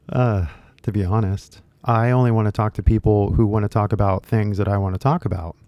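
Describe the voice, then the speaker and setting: A man's voice: fairly low pitch, steady tone, normal speed, pauses often, dry recording, lo-fi sound. A man with a Californian accent, an accent teacher talking casually to camera in a rambling, chatty way with many fillers. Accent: Californian English.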